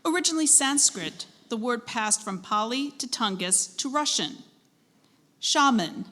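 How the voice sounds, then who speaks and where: A woman serving as a spelling bee pronouncer, reading words and definitions clearly and encouraging the contestants. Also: fairly high pitch, expressive, measured pace, bright, forceful tone. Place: school event hall. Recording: echoey hall with long reverb.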